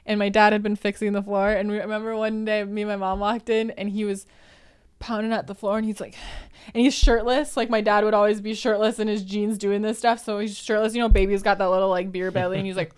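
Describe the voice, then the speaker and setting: A woman's voice: medium pitch, level tone, fast, clean tone. A woman guest on a comedy podcast, telling family stories in casual chat, laughing often and doing impressions. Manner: chatty storyteller, laughs often, does impressions.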